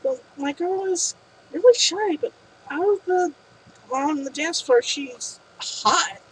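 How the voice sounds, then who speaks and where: A woman's voice: high voice, expressive, takes it slowly, recorded from a distance, low-quality recording. A woman voicing an anxious young man asking for help. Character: nervous young man wanting a gift for his shy girl.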